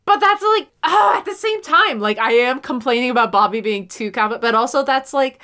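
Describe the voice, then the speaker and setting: A bright-voiced woman talking through a TV episode in casual chat, full of energy and slightly high-pitched. She keeps slipping into quick impressions of the characters and drops casual swears along the way. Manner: animated, acts out characters' lines, swears casually.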